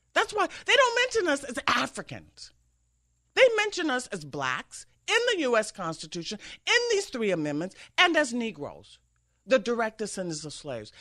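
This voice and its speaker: Animated woman host, emphatic commentary. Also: medium pitch. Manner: emphatic, mocking mimicry of others. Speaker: talk show host. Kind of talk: political commentary monologue. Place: radio studio with an engineer.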